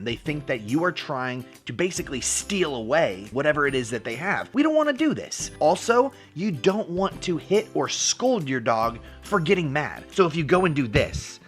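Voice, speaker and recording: A man's voice: medium pitch, a bit bright. A young man hosting a casual dog-training vlog from home. He is playful and jokey and calls viewers bro. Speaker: dog trainer and video host. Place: home with his dogs.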